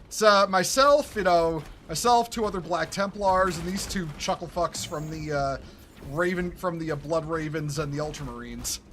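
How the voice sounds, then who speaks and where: A man's voice: a little high, normal speed, a bit bright, a little hiss or hum. A man chatting casually with friends while they play a game together, stammering and swearing with mock outrage. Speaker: streamer playing a game with friends. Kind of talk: casual gaming chat.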